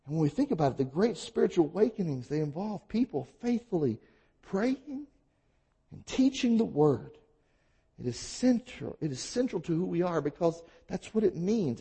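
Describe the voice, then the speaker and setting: A male pastor delivering a sermon, his voice sitting high and swinging widely in pitch. There is a husky edge to it as he presses his points with emphatic rhetorical questions. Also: sing-song, normal speed, mellow.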